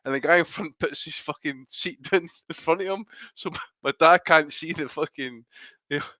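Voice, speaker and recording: A Scottish man on a boxing podcast, swapping stories in loose, swearing banter and breaking into laughter. His voice is bright and forward. It is recorded dry, with no room sound. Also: on the high side, moderate pace, dry recording. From Scotland. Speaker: podcast co-host. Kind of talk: casual chat.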